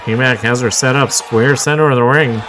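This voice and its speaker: A man doing live play-by-play commentary on a wrestling show, excitable, with frequent exclamations and wry asides. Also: mid-range voice, normal speed, rough recording. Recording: clear crowd noise and background noise.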